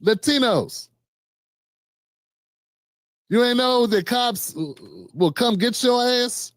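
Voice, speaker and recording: A man's voice: very high-pitched, lively intonation, takes it slowly, dry recording. Sarcastic man with a dry sound. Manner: sarcastic, joking storyteller, slangy. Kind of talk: live-stream commentary.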